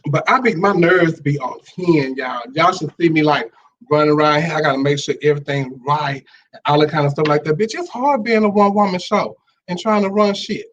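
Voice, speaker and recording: A high-pitched man hosts a chatty late-night live stream, sassy and animated as he greets his viewers. The audio sounds dull and lo-fi. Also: a little fast, a little hiss or hum. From Monroe, Louisiana. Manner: sassy, animated, calls viewers child and honey. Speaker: talk show host. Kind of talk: casual live-stream talk show.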